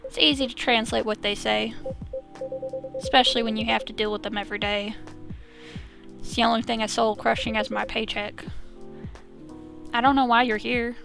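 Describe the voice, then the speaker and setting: A woman voicing a weary middle-aged male police officer and father, with a put-on Southern accent and a gentle, plain way of talking, as she reads a visual novel aloud. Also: a little high, fairly even intonation, moderate pace, vocal fry, long pauses, over music. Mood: reassuring.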